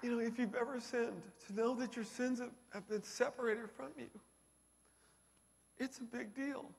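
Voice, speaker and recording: High-voiced man preaching in a hall. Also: steady tone, moderate pace, creaky, a little hiss or hum. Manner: emotional, builds from quiet to loud. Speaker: conference speaker. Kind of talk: testimony talk. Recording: long hall reverb.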